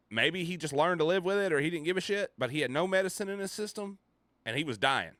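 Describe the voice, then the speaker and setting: A man's voice: on the high side, expressive, brisk, fairly bright tone, no echo. A man streaming a reaction to a video, thinking aloud in casual commentary with fillers and restarts.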